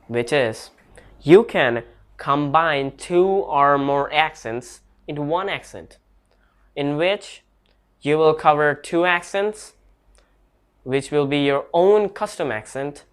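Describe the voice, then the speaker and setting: A man teaches a casual English lesson online in a slightly high, fairly bright voice. He speaks slowly and hesitantly, restarting sentences and using non-native grammar.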